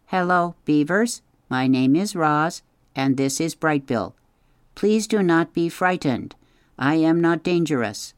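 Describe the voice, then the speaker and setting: Man voicing a calm, polite robot mother. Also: on the high side, clean tone, no room sound, clean studio sound, pitched above the performer's own voice. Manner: formal, even, measured speech.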